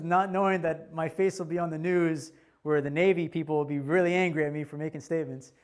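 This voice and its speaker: A man in his forties teaching a class by telling his own story, animated and laughing often. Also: a little high, quick pace. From United States. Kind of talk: personal storytelling talk.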